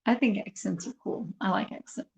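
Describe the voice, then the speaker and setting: A woman's voice: mid-range voice, brisk, vocal fry, low-quality recording. A woman vlogging casually to her viewers, chatty and rambling, laughing as she talks. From Kansas City area. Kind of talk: casual chat to camera.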